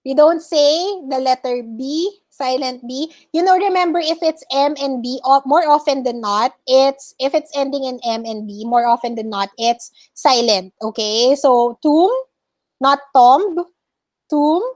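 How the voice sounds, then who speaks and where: A woman's voice: high voice, a little slow, darkish tone. A woman with a Filipino accent teaching a class over a video call, patiently correcting pronunciation word by word. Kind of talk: online class lesson.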